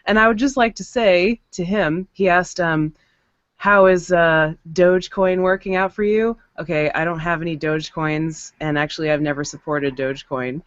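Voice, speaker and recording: A woman guest in casual chat about her voice-acting work, bubbly and quick to laugh, heard over a video call. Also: lowish voice, fairly even intonation, dry recording. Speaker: podcast guest, voice actor. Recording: dull lo-fi video call audio.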